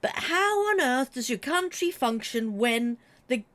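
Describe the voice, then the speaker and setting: Her voice is high, very animated and a bit bright, and she talks a little slowly. This British woman is streaming a game, casually chatting with her audience, joking often, sniffling from a runny nose, and answering messages she reads aloud from chat.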